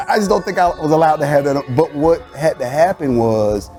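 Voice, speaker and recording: A man hosting a church talk show as a pastor, telling family stories in a lively, animated way. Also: a little high, fairly quick, hardly any pauses, music in the background. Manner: animated storyteller, acting out family dialogue with laughter. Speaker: pastor and host. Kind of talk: casual conversation.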